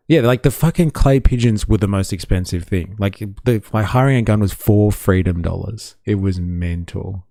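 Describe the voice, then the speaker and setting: A man's voice: fairly low pitch, normal speed, gravelly, hardly any pauses, no echo, clean studio sound. A man with an Australian accent, chatting on a live stream and telling a rambling, profane anecdote. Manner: swearing, animated, rambling. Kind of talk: casual chat, telling an anecdote.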